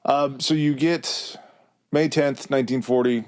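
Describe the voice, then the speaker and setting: A man's voice: mid-range voice, steady tone, unhurried. A man co-hosting a history podcast, reading off dates and numbers in casual chat with crude jokes and frequent laughter. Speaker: podcast co-host.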